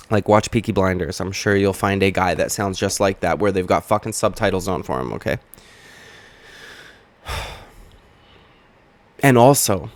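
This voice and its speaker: A man hosting a heated, profane commentary video, talking straight to his camera as he argues his points. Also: lowish voice. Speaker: MMA commentary channel host. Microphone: webcam or camera mic.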